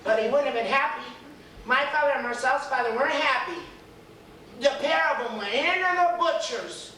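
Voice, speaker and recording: A woman's voice: high-pitched, lively intonation, normal speed, sharp tone. A woman telling a story playfully, often laughing, recorded far off in a noisy echoey room.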